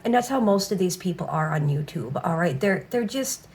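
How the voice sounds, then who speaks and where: This tarot reader's voice is lowish and darkish in tone, animated, and moderately paced. She reads casually, speaks bluntly, swears freely, and has a habit of saying "all right."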